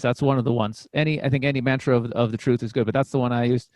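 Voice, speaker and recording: A man's voice: medium pitch, fairly even intonation, fast talker, hardly any pauses, darkish tone, no echo. A man guesting on a podcast, telling a personal story in a casual, rambling way, swearing freely and restarting his sentences often. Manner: rambling, profane, frequent restarts.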